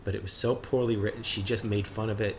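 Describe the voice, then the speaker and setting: A man co-hosting a casual chat, an animated storyteller who acts out quotes and laughs often. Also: lowish voice, quick pace, slight background noise. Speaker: podcast co-host.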